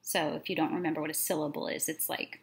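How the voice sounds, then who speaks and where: A woman teacher reading a children's book aloud, then talking through a lesson in a friendly, relaxed way with plenty of fillers. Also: low voice, quick pace.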